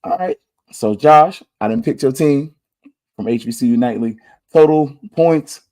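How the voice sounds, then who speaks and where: A man's voice: a little high, measured pace, a little mellow. A man hosting a podcast, casually running through his game picks in a loose, slangy way and thinking aloud. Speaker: podcast host. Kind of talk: casual sports picks chat. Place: Orlando.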